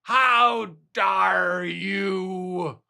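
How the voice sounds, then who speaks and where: A man voicing a blustering old British pirate with a peg leg, in a loud, slow, put-on accent. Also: high voice, gravelly, exaggerated voice. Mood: indignant.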